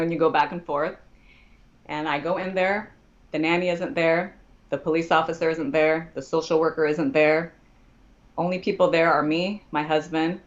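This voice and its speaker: Podcast guest, woman, low voice, dull lo-fi sound; acts out the dialogue with strong feeling. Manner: quotes others in dialogue, voice climbing when she speaks as herself in distress. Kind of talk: emotional personal storytelling.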